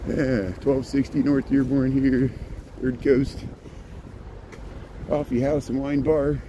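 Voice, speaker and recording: A man at an ordinary middle pitch talks his way down a snowy sidewalk on a live stream, greeting viewers and rambling into sarcastic jokes. He sounds casual and unscripted, as though speaking into a handheld phone while walking. Faint street traffic hums behind him. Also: flat delivery, slow, warm tone. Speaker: livestreaming street-walk host. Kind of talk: chatty live-stream commentary. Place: outdoors on a snowy city sidewalk.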